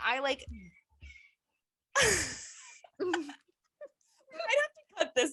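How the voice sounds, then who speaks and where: A young woman co-hosts a casual podcast in a bright, fairly high voice. She rambles from story to story, swears freely and keeps breaking into laughter. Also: animated, very slow, pauses often, dry recording. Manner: profane, rambling, laughs often. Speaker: podcast co-host. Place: outdoors at her mother's home. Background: dog barking and squirrel noises.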